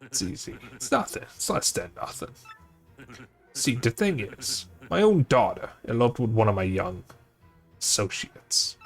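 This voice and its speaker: A man voicing a gruff older male mob boss with a put-on old-time gangster accent, reading game dialogue aloud. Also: medium pitch, very animated, a little slow, faint music behind. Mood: confiding.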